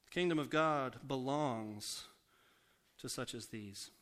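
A man preaching a sermon in a conversational way, asking the congregation questions and slowing down to softly repeat scripture. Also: medium pitch. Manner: slows down and softens for scripture quotes.

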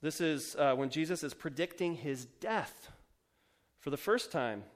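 Male pastor, fairly high voice, loose and jokey sermon delivery. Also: animated, a little slow, a little hiss or hum. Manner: joking, self-mocking, chatty with fillers.

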